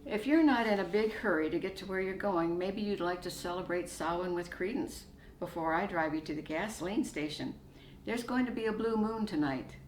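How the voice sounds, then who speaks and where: Courteous young Irishman, old-fashioned manners, read by a woman, lowish voice, echoey room. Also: normal speed, slight background noise, close to an everyday voice. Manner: polite, courteous, calls her miss.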